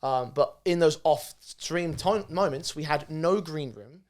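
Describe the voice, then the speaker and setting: A man with a fairly high voice chats on a podcast as a guest. He is an esports commentator who tells his stories with animation and swears freely. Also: a little slow. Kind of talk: casual podcast chat.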